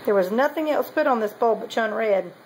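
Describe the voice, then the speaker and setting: Woman, higher voice, casual vlog chat, rambling, lots of ums. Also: expressive, fairly quick, a little hiss or hum, rough recording. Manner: chatty, meandering, with many ums and self-corrections. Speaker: potter showing kiln results. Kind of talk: casual show-and-tell vlog.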